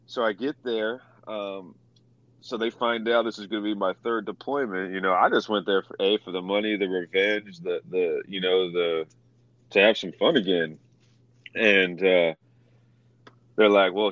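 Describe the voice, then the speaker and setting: Deep-voiced man telling rough war stories. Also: unhurried, no echo, muffled recording. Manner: animated, acts out quotes with swearing. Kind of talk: casual storytelling, profane.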